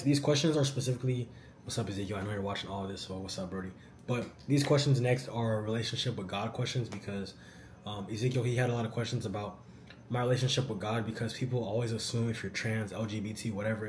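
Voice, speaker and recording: A young man answering viewer questions in a casual vlog, animated and slangy. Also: fairly low pitch, quick pace, slight background noise. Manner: animated, slangy, says "bro" often.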